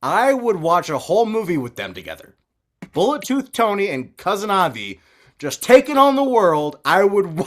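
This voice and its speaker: A man's voice: on the high side, a bit bright. A man co-hosting a podcast, rambling and swearing a lot as he gushes over a film he loves. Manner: profane, gushing, rambling. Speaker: podcast co-host. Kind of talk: casual movie review chat.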